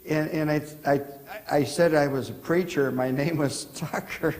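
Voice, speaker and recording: A man's voice: fairly high pitch, big-room sound, poor audio. A man preaching as pastor, telling loose anecdotes with many restarts and questions to the congregation. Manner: halting, repeats words, asks the congregation questions. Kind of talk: rambling sermon anecdotes. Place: church sanctuary.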